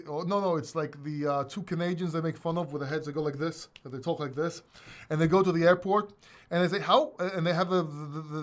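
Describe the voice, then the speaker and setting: A man hosting a casual livestream chat, animated and emphatic, talking bluntly and swearing now and then. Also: fairly high pitch. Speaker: host.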